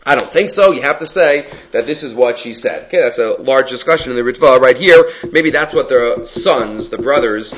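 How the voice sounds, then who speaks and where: Bright-voiced man teaching a text class. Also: on the high side, highs cut off. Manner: reads text aloud and explains it conversationally; answers student questions. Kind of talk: Talmud class lecture.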